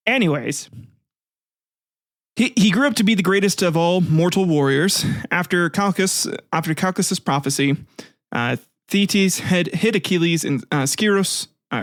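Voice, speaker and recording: A man's voice: fairly high pitch, no echo, clean studio sound. A man hosting a casual history podcast, retelling myths with crude jokey asides and frequent laughs. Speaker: podcast host.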